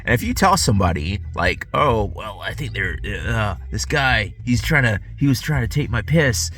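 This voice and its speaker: A man's voice: mid-range voice, sing-song, normal speed, a bit bright. A man ranting casually to camera, profane and rambling, often restarting his sentences. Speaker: vlogger.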